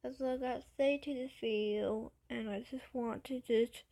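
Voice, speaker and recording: A woman's voice: on the high side, fairly even intonation, moderate pace, vocal fry, warm tone. A woman vlogger with a childlike, babyish voice, talking hesitantly and defensively to camera with many fillers. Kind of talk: casual talk to camera.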